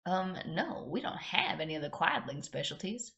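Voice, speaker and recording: A woman's voice: on the low side, big pitch swings, normal speed, fairly bright tone. A woman voicing a chatty waitress in a put-on American Southern accent, polite and drawling. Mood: sweetly attentive.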